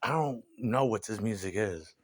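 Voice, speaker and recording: Middle-aged male comic, profane and animated, ranting in stand-up style. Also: on the low side, moderate pace. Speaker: comedian. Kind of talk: stand-up rant.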